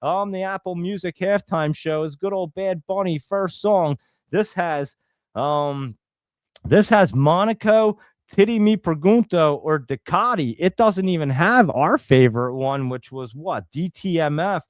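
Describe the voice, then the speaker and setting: A man's voice: on the high side, measured pace, dry recording. Chatty young man, dry close sound. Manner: rambling, thinks aloud, addresses viewers as guys. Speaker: host. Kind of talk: casual livestream chat.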